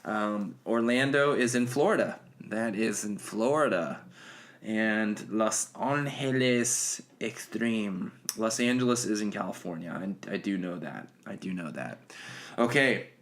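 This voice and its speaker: A man with a hoarse voice hosting a casual solo podcast, rambling with lots of fillers and restarts. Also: lowish voice, moderate pace, fairly bright tone. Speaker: podcast host.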